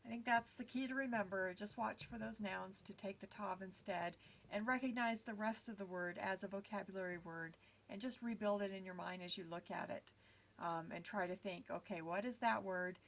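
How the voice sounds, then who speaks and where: A woman's voice: medium pitch, moderate pace. A woman teaching a recorded lesson over slides, explaining patiently step by step with frequent small fillers.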